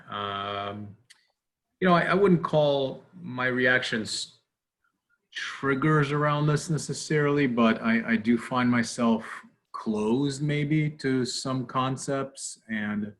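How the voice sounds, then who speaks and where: A man's voice: mid-range voice, slow pace, fairly bright tone. A man in a spiritual study group, sharing his thoughts hesitantly with many ums and uhs. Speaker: group discussion participant.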